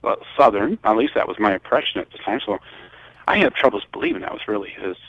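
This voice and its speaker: An older man from Michigan recounting a personal story in a halting, rambling way, full of restarts. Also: on the low side, expressive, dry recording, lo-fi sound. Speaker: guest.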